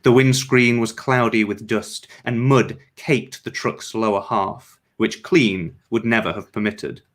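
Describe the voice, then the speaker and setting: A male author reading his fiction aloud in a steady, measured way. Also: on the low side.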